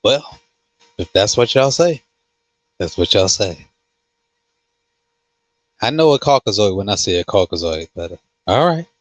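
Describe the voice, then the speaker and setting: A man who hosts a casual livestream and reads comments, talking slowly with many fillers and restarts. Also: fairly low pitch, big pitch swings, dry recording. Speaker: host.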